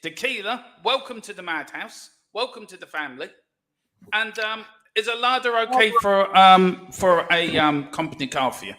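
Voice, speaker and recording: A man co-hosting a casual sports livestream, jokey and energetic, with a sore throat. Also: high-pitched, normal speed. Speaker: livestream co-host.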